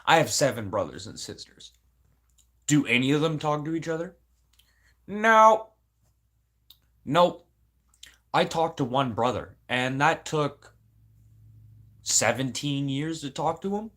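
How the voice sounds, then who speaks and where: A man's voice: medium pitch, lively intonation, a little slow, pauses often, a bit bright. An adult man venting casually to camera, blunt and rambling, swearing constantly and sounding aggrieved. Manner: emotional, aggrieved. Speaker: vlogger.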